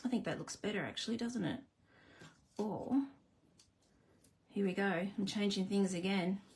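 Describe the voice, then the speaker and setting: An unhurried woman with a medium-pitched, darkish voice and some vocal fry leads a casual live crafting demo. She makes cards while chatting to viewers and laughing at herself.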